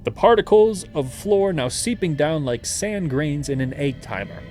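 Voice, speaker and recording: A man's voice: a little high, moderate pace, faint music behind. Man reading a gamebook aloud. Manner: steady reading, chatty asides. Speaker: host and gamebook narrator.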